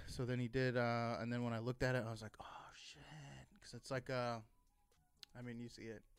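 A man's voice: medium pitch, monotone, a little fast, smooth, no echo. A man talking casually on a podcast, telling a rambling story full of fillers, restarts and swearing. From Texas. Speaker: podcast host.

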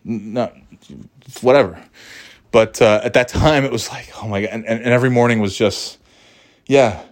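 A man telling comic stories about himself in a rambling, profane, self-mocking way. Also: medium pitch. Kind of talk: comedic storytelling monologue.

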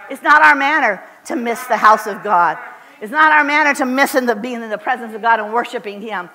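A woman's voice: fairly high pitch, fairly quick, bright, forceful tone, big-room sound. A woman preacher giving a fervent, emphatic sermon in a church, driving points home with short repeated declarations. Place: church sanctuary.

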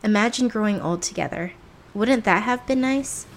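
A woman's voice: medium pitch, moderate pace, natural voice. A woman voicing the disembodied ghost of a dead ex-lover, speaking in a sing-song, teasing manner that can turn cold and menacing. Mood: sing-songy.

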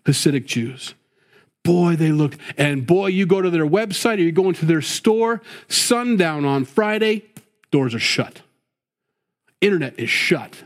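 A man's voice: a little high, animated, measured pace. A middle-aged man preaching a sermon in a folksy, conversational way, dropping "you know" and "boy" as he goes. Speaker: pastor.

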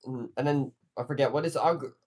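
A man chatting casually as a podcast co-host, rambling and slipping into quick character voices. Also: mid-range voice, darkish tone. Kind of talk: casual chat recapping an anime.

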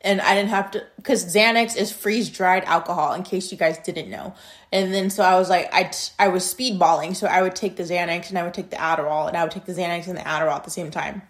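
A woman's voice: fairly low pitch, steady tone, quick pace. A woman in her thirties recounts her own story straight to her listeners. She talks casually and bluntly, with plenty of "um" and "like" along the way. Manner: candid, casual and blunt, with frequent "um" and "like". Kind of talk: personal storytelling.

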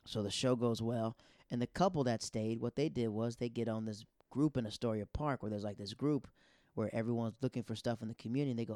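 A comedian hosting his podcast, telling stories in an animated, casual way and repeating himself as he quotes others. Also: mid-range voice, fast, dry recording, clean studio sound. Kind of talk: casual storytelling monologue.

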